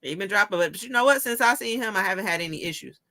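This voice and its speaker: A woman hosting a casual chat, telling stories in an animated way, laughing often and swearing casually. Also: mid-range voice, racing. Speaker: show host.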